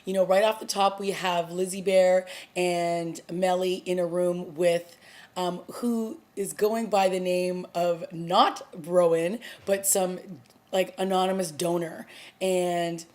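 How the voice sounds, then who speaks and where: A woman's voice: lowish voice, slow pace. Chatty woman recapping a TV episode. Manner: chatty, animated retelling with acted-out quotes. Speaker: TV review vlogger. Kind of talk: casual recap review.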